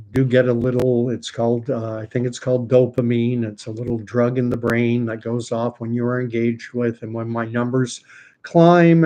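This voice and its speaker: Canadian male channel host, mid-pitched, chatty and digressive, casual live-stream delivery. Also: a little mellow. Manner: rambling, chatty, many fillers and asides. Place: home, talking to his dog.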